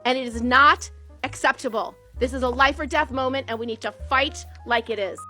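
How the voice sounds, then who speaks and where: Woman, high bright voice, forceful, emphatic political speech. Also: a little fast, soft background music.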